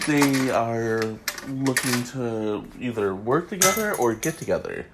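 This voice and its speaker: A male podcast host gossips about celebrities in a loose, unhurried way, often pausing on an um or a small laugh. His pitch swings widely from line to line, and he takes his time getting each thought out. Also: expressive, heavy background noise. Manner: chatty, laughing, lots of ums. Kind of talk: casual celebrity gossip chat. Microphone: studio mic.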